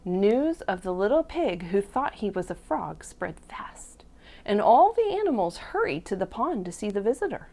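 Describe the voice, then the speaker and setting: A woman teacher reads a storybook aloud to little kids, her pitch swooping up and down as she brings each animal to life. Her voice sits in a middle register, gentle and clear, and she speaks in a warm, encouraging classroom manner. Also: normal speed. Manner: expressive, lively voices for animals. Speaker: preschool teacher. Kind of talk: children's storybook read-aloud.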